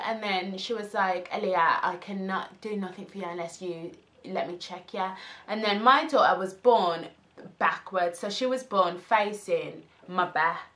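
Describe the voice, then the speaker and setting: A young woman telling a casual story, animated and acting out the people she quotes. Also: medium pitch, unhurried. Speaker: vlogger.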